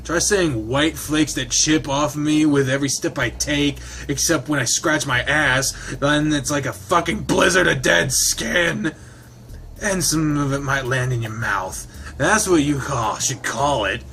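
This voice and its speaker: A man's voice: a little high, unhurried, pushed and bright, slight background noise. A man voicing a crude, foul-mouthed young male lizard, reading a game aloud in a coarse, teasing way. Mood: grumbling.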